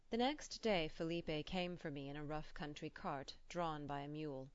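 A woman narrating a classic story as an audiobook, in a steady, formal way. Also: low-pitched, moderate pace, hardly any pauses, smooth, dry recording, highs cut off.

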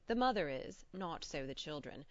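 A woman's voice: sits low, sing-song, normal speed, dry recording, highs cut off. Woman reading as a wry polite doctor. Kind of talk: audiobook character reading.

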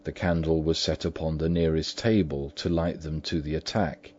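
A man reading a story aloud as narrator, in measured, even storytelling. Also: rumbling low. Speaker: audiobook narrator. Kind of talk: scripted narration. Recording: dull lo-fi recording.

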